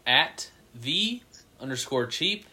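A man's voice: medium pitch, sing-song, slow, pushed and bright. A young man co-hosting a sports podcast, teasing the others in casual banter. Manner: teasing, drops playful hints. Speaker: podcast co-host.

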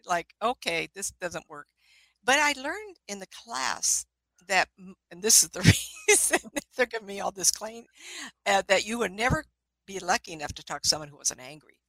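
A woman's voice: medium pitch, big pitch swings, moderate pace, a bit bright, dry recording, rough recording. An older woman, a spiritualist minister and ghost investigator, telling rambling anecdotes in a casual chat, often laughing and restarting her sentences.

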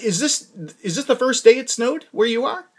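A man's voice: extremely high pitch, normal speed. A man hosting a podcast interview, talking casually, with frequent restarts and fillers. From New England. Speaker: podcast host.

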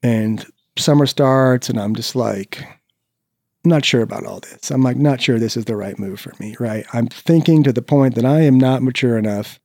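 A man from Iowa in his forties tells a story in a relaxed podcast chat, his pitch sitting in the middle. He acts out the people in his story with lively, loose energy and swears freely. The sound is dry and close, with no room around it. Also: moderate pace, dry recording. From Iowa, United States. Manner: animated storyteller who acts out the people he quotes; swears freely, peppers speech with "right?". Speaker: guest.

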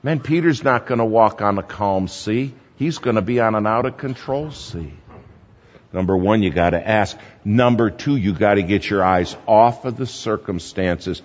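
A man delivers a sermon in a fairly low voice, telling stories with energy and driving home numbered points. His voice rings with long reverb in a large hall, and the recording is dull and lo-fi. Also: normal speed. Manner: animated storytelling with repeated numbered points. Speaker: preacher.

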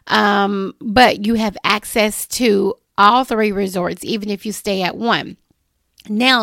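A woman's voice: medium pitch, fairly bright tone, dry recording, clean studio sound. A woman hosting a travel podcast, talking casually and chattily to her listeners. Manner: chatty, drawls "y'all". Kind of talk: casual solo podcast talk.

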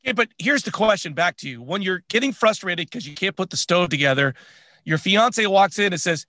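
A man co-hosting a podcast, talking candidly in a relaxed, chatty way. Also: high voice, brisk, dry recording. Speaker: podcast co-host. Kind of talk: casual chat.

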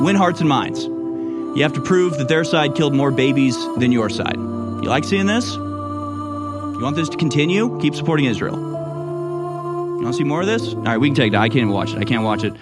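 A man hosting online news commentary, reacting to clips in an indignant manner with sudden exclamations. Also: fairly high pitch. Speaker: political commentary host.

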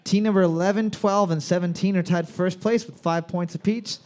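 A man's voice: high voice, fairly even intonation, a little mellow. A man hosting a bar trivia night over a microphone, reading questions twice and joking crudely between them. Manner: jokey, profane, repeats each question slowly. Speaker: trivia quizmaster.

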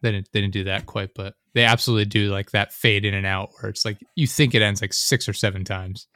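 Young man, casual chat, rambling, animated, dry close sound. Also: fairly low pitch, no room sound. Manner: rambling, animated, quick to act out scenes.

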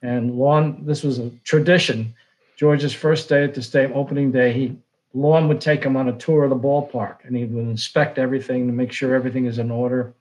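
An older sportswriter, telling rambling anecdotes full of fillers and restarts. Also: male voice, mid-range voice, fairly even intonation, a little fast, darkish tone, low-quality recording. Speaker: sportswriter guest. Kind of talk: casual storytelling.

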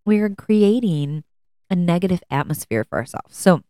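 A woman's voice: fairly low pitch, animated, normal speed, dark tone, no echo, studio quality. A woman in her thirties hosting a casual solo podcast, talking in a rambling, conversational way with frequent fillers. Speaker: podcast host.

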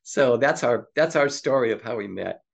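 An older man, a psychologist guest on an interview podcast, telling stories casually and acting out quoted dialogue with lively jumps in pitch. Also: normal speed, creaky. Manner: animated storyteller who acts out quoted dialogue with rising pitch.

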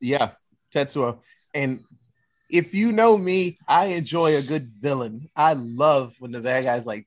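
A man co-hosting a casual film podcast, swearing and mocking characters with quick voices. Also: mid-range voice. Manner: animated, profane, mocks characters with voices. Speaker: podcast co-host.

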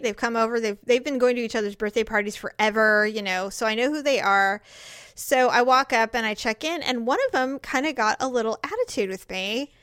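A woman's voice: a little high, a bit bright, smooth, no room sound, studio quality. A woman in her thirties chatting casually as co-host, telling stories animatedly and acting out quotes with laughs. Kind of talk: casual chat, storytelling.

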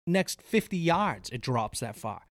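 A man's voice: fairly high pitch, sing-song, measured pace, no room sound. A man who works at a golf course, telling a story in casual chat, swearing often and acting out the golfers' voices.

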